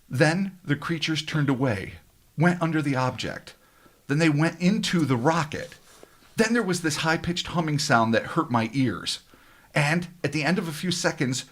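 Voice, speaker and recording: A podcast co-host reading a strange encounter aloud, mock-dramatic and wry, with profane asides. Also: male voice, fairly high pitch, a bit bright. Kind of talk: reading a paranormal story with sarcastic asides.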